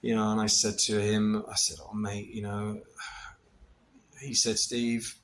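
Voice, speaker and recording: A middle-aged man casually recounting a personal experience, animated and full of restarts, with laughter and the odd swear. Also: lowish voice, a little slow, a little hiss or hum. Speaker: vlogger recounting a ceremony experience.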